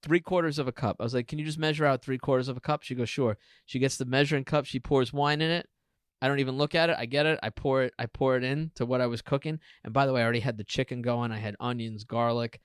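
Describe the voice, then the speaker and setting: A middle-aged man from New Jersey with a mid-range, smooth voice speaks fast in a studio-quality recording with no room sound. Co-hosting a podcast in casual comedic chat, he animatedly tells funny stories and swears a lot.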